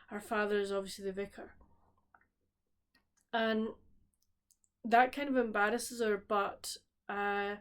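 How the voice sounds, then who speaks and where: A Scottish woman talks to her camera in a loose, conversational way, her voice sitting a little higher than most. She wanders through her thoughts, stopping mid-sentence and starting again, as a home book vlogger catching up with her viewers. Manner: rambling, breaks off and restarts sentences. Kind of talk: casual chat. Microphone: solo camera recording at home.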